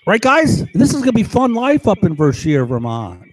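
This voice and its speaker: A man's voice: high-pitched, huge pitch swings, brisk, low-quality recording. A man talking in a rambling, agitated monologue, cursing freely and keeping on asking "right?". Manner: agitated, profane, rambling and conspiratorial.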